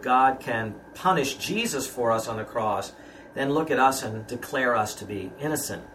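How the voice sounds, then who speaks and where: Earnest pastor explaining doctrine. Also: male voice, medium pitch, a bit bright, low-quality recording. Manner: earnest, emphatic with repeated phrases. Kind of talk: teaching sermon answer. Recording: faint background hiss.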